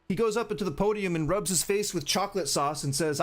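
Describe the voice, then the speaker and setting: A man's voice: fairly high pitch, fairly quick, few pauses, faint music behind. A man hosting a livestream podcast, ranting profanely and rambling with restarts. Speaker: podcast host. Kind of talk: livestream commentary.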